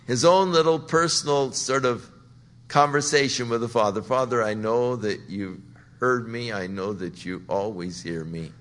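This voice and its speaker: A man's voice: mid-range voice, normal speed, fairly bright tone. A man preaching a sermon on a Bible passage, talking it through conversationally and building to emphatic points. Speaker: pastor.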